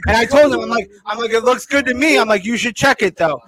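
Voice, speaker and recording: High-voiced man arguing defensively. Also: fast talker, crowd noise. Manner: defensive, arguing his side. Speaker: podcast co-host. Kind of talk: casual chat.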